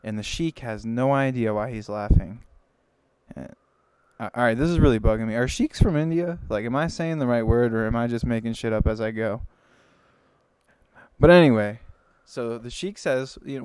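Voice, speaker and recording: A man's voice: medium pitch, normal speed, a little mellow, clear, resonant tone, no room sound, low-quality recording. A young man livestreaming and telling a long joke in a rambling, self-interrupting way. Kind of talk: casual joke telling on a live stream.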